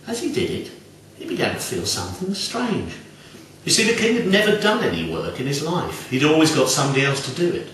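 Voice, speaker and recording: A man telling a folk tale in an expressive, dramatic way. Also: fairly high pitch, fairly quick, slight background noise. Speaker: storyteller. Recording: very echoey room, distant mic.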